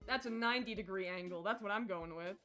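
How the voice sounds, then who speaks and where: A young woman streaming a game live, chatting casually with her viewers and getting excitable. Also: mid-range voice, fast talker. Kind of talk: casual live-stream chat while playing. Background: faint background music.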